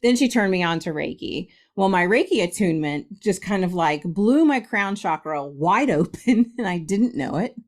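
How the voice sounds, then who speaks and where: A woman's voice: on the low side, normal speed, few pauses. Middle-aged woman from ohio telling a story, lots of laughing, acts out the voices. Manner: animated, laughs often, acts out quotes. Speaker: guest medium. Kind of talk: casual storytelling interview.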